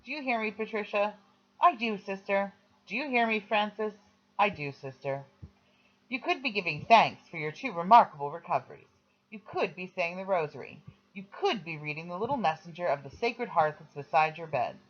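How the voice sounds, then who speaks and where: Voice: medium pitch, animated, normal speed, voice pushed up, natural voice. A reader voicing a stern nun scolding two children in a preachy tone. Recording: slightly dull lo-fi recording.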